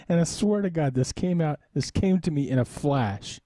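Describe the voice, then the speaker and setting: Male webcast host with a mellow, dark voice; casual, rambling storyteller who laughs often. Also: fairly high pitch, expressive, a little slow, no room sound. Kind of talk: casual storytelling on a live stream. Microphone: desk microphone in a studio.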